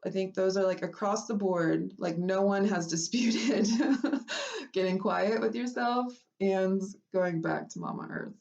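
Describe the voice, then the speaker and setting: A woman's voice: mid-range voice, a little slow, gravelly, darkish tone, far from the mic, lo-fi sound. A woman hosting an unplanned live stream, emotional and teary, laughing between sentences and swearing casually. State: tearful. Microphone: phone.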